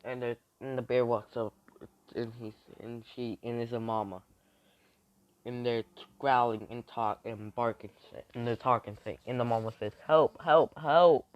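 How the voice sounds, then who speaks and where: A man's voice: mid-range voice, flat delivery, moderate pace, dry recording, lo-fi sound. A man improvising a fan story aloud, rambling, with frequent restarts and self-corrections.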